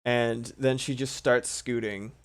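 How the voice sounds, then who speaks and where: A sleepy man talking through a drawing stream in loose, rambling chat. He swears freely and pokes fun at himself, with a voice of middling pitch for a man. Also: fairly even intonation, slow pace, clean tone. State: sleepy, yawning. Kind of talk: casual chat while drawing.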